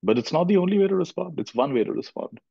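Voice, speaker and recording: A man's voice: a little high, expressive, fast talker, vocal fry, mellow, husky, dry recording. A middle-aged man from India, giving a thoughtful spiritual talk as a teacher and repeating phrases for emphasis. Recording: dull lo-fi recording.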